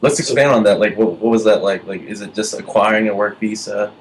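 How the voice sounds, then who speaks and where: A man co-hosting a podcast who asks halting questions full of fillers. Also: lowish voice, poor audio. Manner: halting, uses many fillers. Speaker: podcast co-host. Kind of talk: casual podcast chat. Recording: faint background noise.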